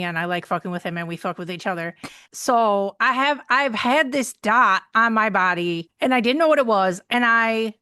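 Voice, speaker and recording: A woman's voice: medium pitch, bright, forceful tone, clear, resonant tone, no room sound. A woman co-hosting a podcast, telling rambling stories full of quoted dialogue and swearing freely. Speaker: podcast co-host. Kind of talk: casual chat.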